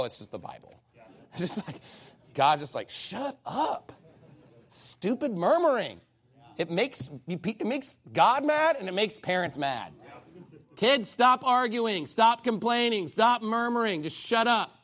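Guy preaching, high voice that jumps all over, blunt and worked up. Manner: animated and blunt, quoting scripture and acting out God's voice. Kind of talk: sermon.

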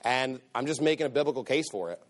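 A pastor preaches a sermon in a medium-pitched, expressive voice at a quick pace. He speaks emphatically, repeats phrases for stress, and reads scripture in King James wording.

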